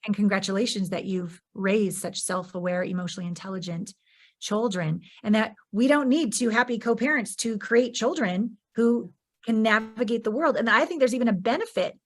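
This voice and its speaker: A woman's voice: medium pitch, moderate pace. A woman hosting a podcast interview, talking in an encouraging, outspoken and affirming way. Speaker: podcast host. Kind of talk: conversational interview.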